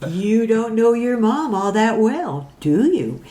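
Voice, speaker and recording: A woman's voice: fairly high pitch, very animated, takes it slowly. A woman voicing a chatty, doting middle-aged mother in a story reading. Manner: gushing, then hushed and confiding. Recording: roomy echo.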